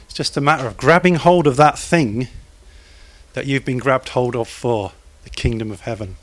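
A man's voice: mid-range voice, normal speed. A man preaching a sermon in a church, talking conversationally, putting questions to the congregation and cracking small jokes.

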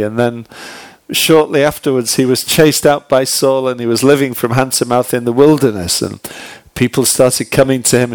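A man's voice: mid-range voice, no echo. A man preaching a sermon in a conversational, storytelling way, using many "you know"s and asking his listeners direct questions. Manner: retells a joke in a relaxed way.

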